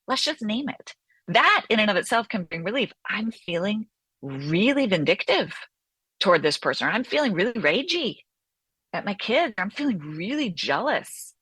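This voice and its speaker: Bright, lively woman therapist. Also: medium pitch, husky, dry recording. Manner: animated, acts out inner voices. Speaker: therapist and author guest. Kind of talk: conversational interview.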